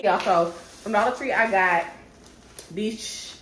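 A woman's voice: mid-range voice, unhurried, long pauses. A young woman, chatting casually to viewers about her shopping haul at home. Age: 20s. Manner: chatty, talks straight to viewers, sidetracked. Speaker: vlogger. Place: at home, indoors. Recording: echoey room with faint noise.

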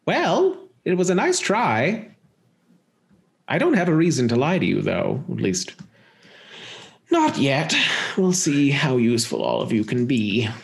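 A woman's voice: a bass voice, huge pitch swings, a little slow, creaky, full character voice. A man voicing an old, greedy duergar woman who leads a tribe and mocks her guests slyly. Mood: amused. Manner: sly, mocking, sloppy eater. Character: old greedy duergar matriarch, amused and cackling.

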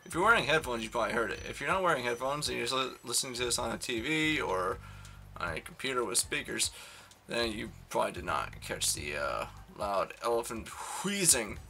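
A man's voice: mid-range voice, expressive, brisk, vocal fry, bright, forceful tone, soft background music. A young man giving casual, rambling, self-mocking commentary while playing a video game, swearing freely. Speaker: let's play commentator.

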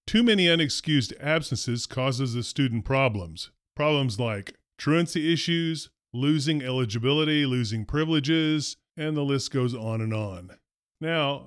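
A man, a former school principal, tells stories from his career in a wry, deadpan first-person narration. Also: medium pitch, unhurried, dry recording. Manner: dry, wry humor, deadpan delivery.

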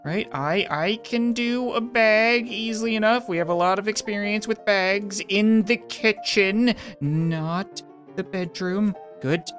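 A woman giving comedic let's-play commentary, swinging between panicked squeals and dry sarcastic calm. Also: mid-range voice, slow, faint music behind. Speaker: gaming video host.

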